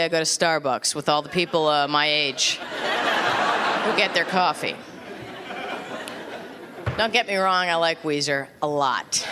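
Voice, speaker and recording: Wry woman doing stand-up. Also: lowish voice. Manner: wry, self-deprecating, animated with quick asides. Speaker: stand-up comedian. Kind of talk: stand-up comedy set. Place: live comedy venue. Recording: live crowd and noise. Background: laughing, applauding audience.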